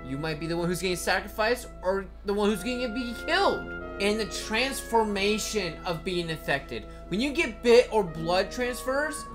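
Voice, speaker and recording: Woman vlogger, lower-pitched, very lively delivery, blunt jokey rambling, music bed underneath. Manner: animated, blunt and joking, swears casually; rambling with many likes. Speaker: video creator. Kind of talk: casual commentary vlog. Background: background music.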